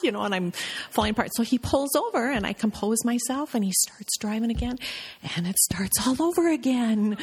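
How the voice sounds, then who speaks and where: A middle-aged woman telling a church a personal testimony, halting and full of restarts. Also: on the high side, expressive, darkish tone, husky. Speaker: church member sharing a testimony. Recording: long reverb of a church hall.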